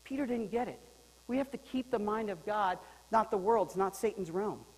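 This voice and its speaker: High-voiced pastor in a reverberant hall. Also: male voice, moderate pace. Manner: lively, joking, swings from loud to quiet. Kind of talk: sermon. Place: church sanctuary.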